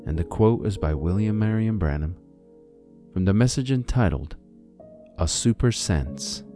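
A man hosting an audio devotional, reading scripture in a calm, measured way. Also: low-pitched. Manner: calm, measured, slow on references. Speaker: devotional host. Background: soft instrumental music.

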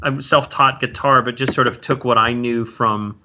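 Forties male actor guest, rambling chat, bright tone on a dull lo-fi recording. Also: mid-range voice, fairly even intonation. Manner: rambling, halting, many self-interruptions and restarts. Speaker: guest, stage and screen actor. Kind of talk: casual interview chat.

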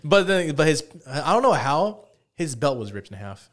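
A fairly high-pitched man in his twenties talks at a normal speed. Co-hosting a podcast, he tells a casual, profane story, animated and performing the quotes himself.

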